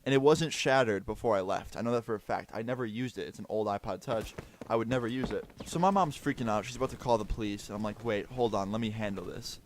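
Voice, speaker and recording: A young man spins a storytime tale in a slightly low voice. His delivery is loose and animated, full of "like" and quick asides. A faint background noise sits under the recording. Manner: chatty, animated retelling with many "like" fillers. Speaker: vlogger. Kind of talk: casual storytime.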